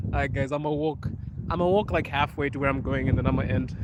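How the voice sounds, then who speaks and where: A man's voice: medium pitch, fast, heavy background noise. A young man from Africa livestreaming outdoors as he walks a cold city street, joking casually with viewers and laughing often. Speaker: livestreaming vlogger.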